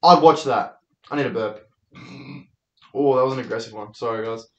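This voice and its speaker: A man's voice: medium pitch, normal speed, roomy sound, highs cut off. A young Australian man hosting his own show, telling rambling stories in a casual, sweary way. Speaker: podcast host and comedian. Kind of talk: solo storytelling monologue.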